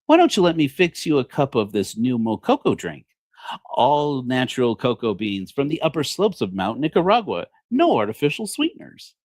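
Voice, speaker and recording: A man voicing a cheerful housewife who slips sales pitches into conversation, in a chirpy ad-like manner. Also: wildly swooping pitch, moderate pace, darkish tone, no room sound, clean studio sound.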